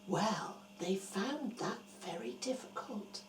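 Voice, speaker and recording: A woman telling a Bible story to young children, dropping to hushed whispers and rising to bright exclamations. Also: medium pitch, slow pace, roomy sound.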